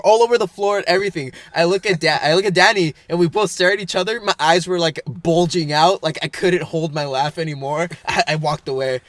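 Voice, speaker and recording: Man, podcast co-host, casual storytelling, slightly high voice, filler-heavy. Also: no room sound. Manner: rambling, many fillers, breaks into laughter.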